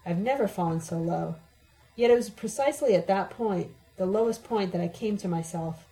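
A woman's voice: medium pitch, normal speed, warm tone, low-quality recording. A woman giving an emotionally charged, dramatic first-person audiobook narration.

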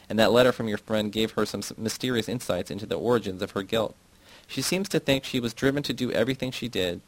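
Male audiobook reader, low voice, dry close sound, lifts his pitch for dialogue. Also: dry recording, poor audio. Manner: acts dialogue with raised, shouted lines. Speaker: audiobook narrator. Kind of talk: reading a novel aloud.

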